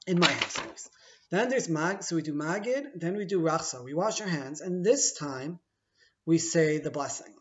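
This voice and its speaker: A chatty, playful middle-aged man, a teacher, walks through a holiday ritual one step at a time in a casual explanatory video, pausing to rephrase as he goes. His fairly high voice is a little mellow, and the recording loses its highs.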